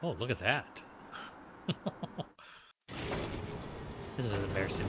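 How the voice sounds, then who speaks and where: A man's voice: sits low, unhurried, long pauses, very noisy. A man giving casual, joking commentary while playing a game, talking back to the characters. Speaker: let's play host.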